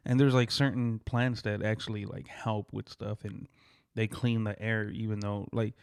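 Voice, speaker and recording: A man's voice: fairly low pitch, little pitch movement, normal speed, vocal fry, smooth, no room sound, clean studio sound. A young adult man co-hosting a podcast, rambling in casual chat, filling his talk with "like" and swearing freely. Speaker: podcast co-host.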